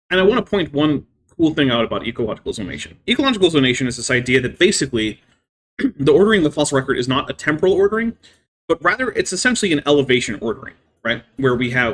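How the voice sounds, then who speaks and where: A man's voice: medium pitch, fairly bright tone. Man lecturing on a casual live stream. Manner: explains at length with many "I mean" fillers; careful, lecturing explanations. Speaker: livestream host.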